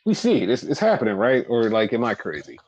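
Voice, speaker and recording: A man casually recapping a wrestling show, talking in an animated, profane way. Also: quick pace, breathy edge, low-quality recording. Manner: animated, profane, acts out quotes in high voices. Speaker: podcast co-host.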